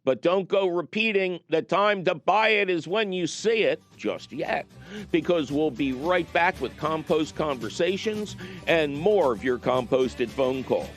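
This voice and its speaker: A man's voice: on the high side, measured pace, soft background music. A middle-aged man hosting a call-in garden radio show, chatting and telling jokey stories. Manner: lively, jokey storyteller.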